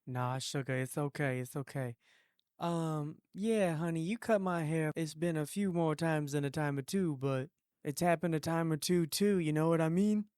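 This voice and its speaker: A man's voice: a little high, normal speed, a little mellow, dry recording, studio quality, natural voice. A man putting on the voice of a sassy, nosy woman caller, drawling pet names on a prank call.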